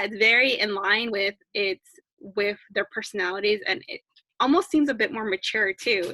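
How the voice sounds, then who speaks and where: A woman co-hosts a podcast, chatting casually and eagerly with lots of filler words. Her medium-pitched voice is bright, creaky, and forceful. The rough recording has no echo.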